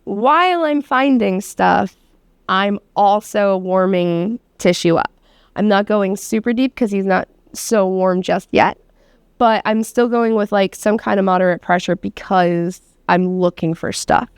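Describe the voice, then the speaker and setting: A woman's voice: medium pitch, a little slow, clean tone, dry recording, clean studio sound. A woman teaching a hands-on massage therapy class, talking casually with lots of fillers and the odd swear word. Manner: casual, chatty, many fillers and laughs, swears.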